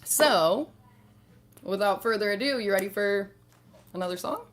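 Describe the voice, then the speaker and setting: A woman's voice: medium pitch, lively intonation, normal speed. A woman hosting a casual online chat with a band, upbeat and fond of jokes. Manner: upbeat, jokey, with fillers. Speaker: host.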